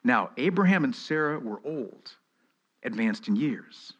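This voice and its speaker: A male pastor preaching an expository sermon, reading scripture aloud slowly and solemnly and pressing his listeners with rhetorical questions. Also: mid-range voice, lively intonation, a bit bright, highs cut off.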